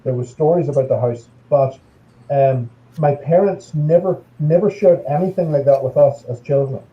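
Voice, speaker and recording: An Irish man recalls a story on a live video call, his voice sitting a little high and coming through dull, lo-fi audio. The room around him sounds echoey, and he talks in a halting, measured way, restarting and repeating words as he goes. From Ireland. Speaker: guest paranormal investigator.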